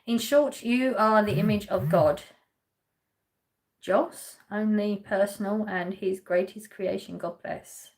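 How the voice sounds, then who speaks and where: Taking her time, a medium-pitched woman from Essex, England, hosts a relaxed livestream. She laughs frequently as she reads viewers' comments aloud, and her sentences often trail off partway.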